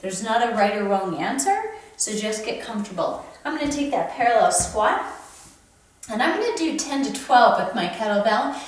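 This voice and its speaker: A woman's voice: fairly high pitch, lively intonation, moderate pace. A woman in her fifties, a fitness instructor, demonstrating a home workout in an encouraging way, a little out of breath. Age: 50s. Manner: encouraging, counts reps while lifting. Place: home room. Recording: very echoey room, far from mic.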